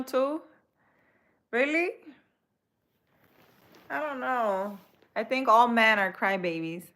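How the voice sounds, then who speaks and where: A woman spiritual reader chatting casually on a live stream, soft-spoken and hesitant as she answers comments. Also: fairly high pitch.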